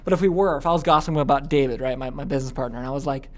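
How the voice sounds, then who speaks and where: A man teaching a sales training lesson, energetic and often checking in with "okay?". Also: mid-range voice, racing. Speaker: business coach.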